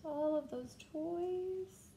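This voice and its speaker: A woman reading a children's picture book aloud to a child, gently stopping to point at pictures and ask questions. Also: extremely high pitch, very slow, a little hiss or hum.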